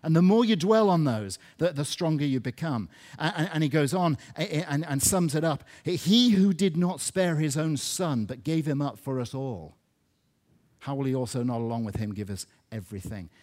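A man delivers a sermon to his congregation in a middle-pitched voice. He is earnest and often restarts or repeats small words as he goes. When he drives a point home, his voice climbs and grows louder. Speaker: pastor.

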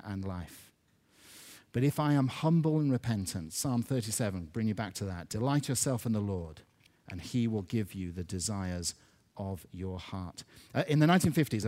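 A man preaching a sermon to his church, earnest, stumbling over and repeating words, swelling louder when he stresses a point. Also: lowish voice. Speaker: pastor.

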